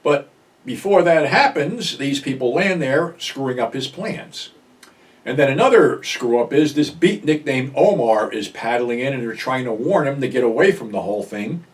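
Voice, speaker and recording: A man's voice: mid-range voice, animated, normal speed, far from the mic. An older American man hosting a show, casually and bluntly recapping a film's plot with some swearing. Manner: blunt, profane storyteller. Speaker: film review host.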